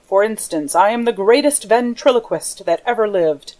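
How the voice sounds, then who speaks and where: A woman's voice: mid-range voice, normal speed, a little mellow, lightly acted. A woman voicing a brooding, lonely masked man in an audiobook reading, rambling from weariness to taunts. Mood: coaxing. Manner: rambling, shifting from weary to taunting.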